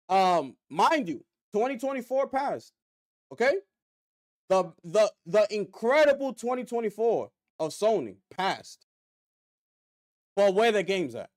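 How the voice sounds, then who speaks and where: A man with a high-pitched voice streams gaming commentary, unhurried and pausing often. His live rant is animated, full of rhetorical questions and mocking asides in put-on voices.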